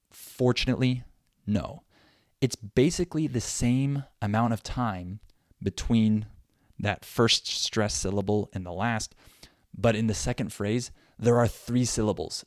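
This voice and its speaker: A young man teaching English in a podcast lesson, explaining and slowly repeating example phrases. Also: on the low side, darkish tone, no echo, studio quality.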